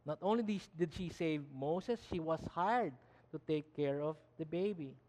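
A man's voice: on the high side, normal speed, a little mellow. A man preaching a sermon emphatically, often restarting his words. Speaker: pastor. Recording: long reverb of a hall.

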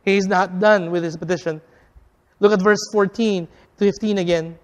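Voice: mid-range voice, steady tone, moderate pace, darkish tone, in a large hall. Emphatic preacher with dramatic volume swings. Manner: addresses the listeners as friends. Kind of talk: sermon.

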